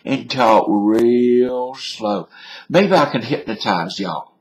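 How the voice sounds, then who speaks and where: A man putting on a slow Southern accent, drawling as if trying to hypnotize the listener. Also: medium pitch, sing-song, creaky, full character voice. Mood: hypnotic. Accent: American Southern.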